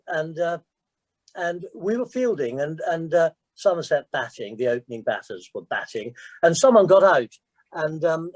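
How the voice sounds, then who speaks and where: A man's voice: darkish tone, no echo, poor audio. A former cricket captain in his sixties, guest of an online Q&A, telling self-deprecating anecdotes in a chatty, storytelling manner over a video call. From England. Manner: self-deprecating, chatty, jumps in pitch when quoting others.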